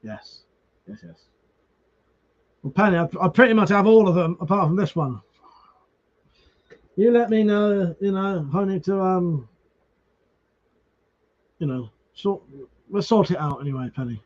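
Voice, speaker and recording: Unhurried and high-pitched, a man chats with his stream's viewers, pausing often. He reads comments, says hello to people by name, swears freely and restarts words, all captured in dull, lo-fi audio.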